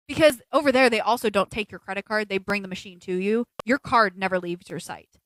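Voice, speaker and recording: A woman co-hosting a casual podcast, telling stories in an animated way and quoting people as she goes. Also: medium pitch, brisk, no room sound. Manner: animated storytelling, quotes people in put-on voices. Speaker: podcast co-host. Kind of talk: casual chat on a livestreamed podcast.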